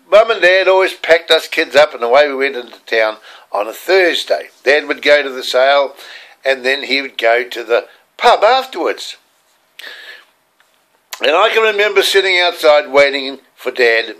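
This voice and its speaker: A man's voice: on the high side, a bit bright. An older man with an Australian accent, telling rambling, earnest stories from his childhood. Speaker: storyteller. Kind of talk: personal childhood storytelling.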